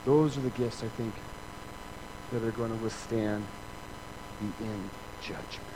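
A man's voice: lowish voice, steady tone, unhurried, background noise. A man preaching a sermon in a conversational way, acting out little scenes with voices and sound effects and often asking "right?". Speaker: pastor.

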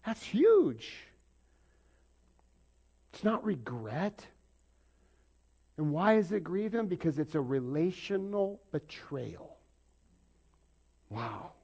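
A man preaching a conversational sermon, jumping from loud emphatic bursts to quiet asides. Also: a little high, very animated, slow, pauses often. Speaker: pastor.

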